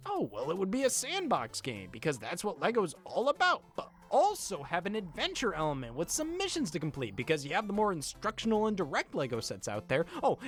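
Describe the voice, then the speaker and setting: A man narrates a comedy video essay in a dry, sarcastic tone, his pitch leaping around as he delivers punchlines. Soft music plays underneath.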